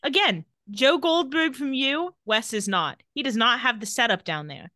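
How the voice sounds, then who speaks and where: Lively bright-voiced woman recapping a show. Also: a little high, no echo, studio quality. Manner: animated, quotes characters in quick quips and laughs often. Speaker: podcast co-host recapping a TV episode. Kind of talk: casual chat.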